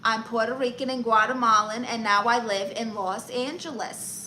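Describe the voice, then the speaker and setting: A brash, chatty woman with a Brooklyn accent and a fairly high voice. She hosts an in-character comedy live stream, greeting viewers one after another and reading their comments aloud. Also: normal speed, background noise. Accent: Brooklyn New York. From Brooklyn, New York. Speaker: livestream comedy host.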